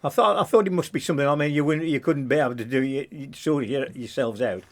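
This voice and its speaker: A man's voice: medium pitch, quick pace. Rambling male interviewer. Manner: curious, rambling questions. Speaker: presenter. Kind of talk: interviewing a guest.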